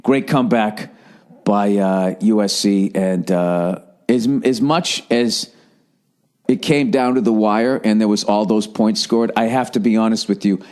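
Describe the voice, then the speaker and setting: A man's voice: on the low side, a little slow, a little mellow. A middle-aged man with a Boston accent hosting his own podcast, telling a story in a rambling, profane, casual monologue. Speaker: podcast host.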